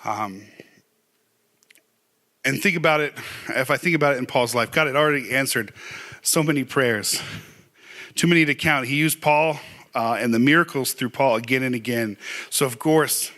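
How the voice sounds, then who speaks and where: A man's voice: mid-range voice, moderate pace, bright, forceful tone. A middle-aged man preaching a sermon in a church, earnest and conversational, at times pleading. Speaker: pastor. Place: church sanctuary.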